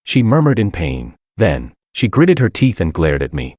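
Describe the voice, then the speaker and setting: Deep-voiced man narrating a drama story. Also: very animated, moderate pace, few pauses, darkish tone, dry recording, studio quality. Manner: dramatic, pleading in his own quoted lines. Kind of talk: scripted first-person story narration.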